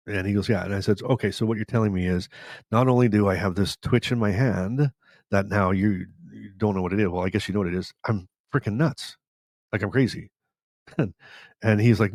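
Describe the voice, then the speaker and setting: A man's voice: fairly low pitch, brisk, darkish tone, no room sound, clean studio sound. A man in his forties from Canada, hosting a live Q&A and telling his story in a rambling way, correcting himself and laughing often. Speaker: host.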